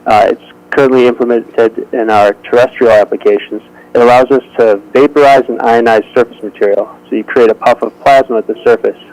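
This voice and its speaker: A man giving a prepared technical presentation over a remote audio link to a workshop, measured and dotted with frequent hesitations. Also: medium pitch, steady tone, a little mellow, poor audio.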